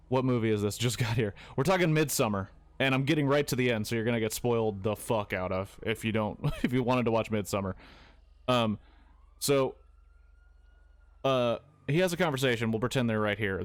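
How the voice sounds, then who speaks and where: A young man casually retelling a movie for laughs, swearing freely and jumping into quick voices for the characters. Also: mid-range voice, clean tone, no room sound. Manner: loose and profane, acting out characters in quick quoted voices. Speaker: streamer retelling a film. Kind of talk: casual comedic movie recap.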